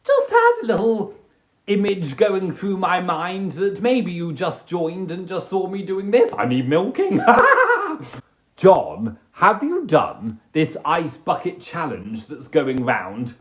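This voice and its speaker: Animated, theatrical man. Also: sits high, slow pace. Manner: animated, theatrical storytelling with put-on voices. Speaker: livestream host. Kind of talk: casual livestream chat. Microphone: phone livestream.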